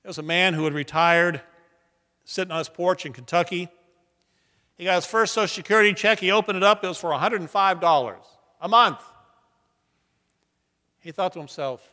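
High, bright-voiced preacher in a reverberant hall. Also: male voice, normal speed, pauses often. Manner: earnest storytelling preacher, building emphatic repetition. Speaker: pastor. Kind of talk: sermon.

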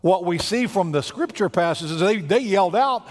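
A man's voice: sits high, animated, moderate pace, big-room sound. A man preaching a sermon as pastor, talking in a conversational, storytelling way and acting out the quotes he tells.

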